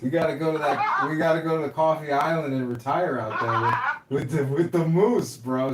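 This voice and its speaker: Man, casual phone chat, crude joking, slightly high voice, echoey room. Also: brisk, few pauses. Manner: crude, joking, laughs a lot. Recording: echoey room with faint noise.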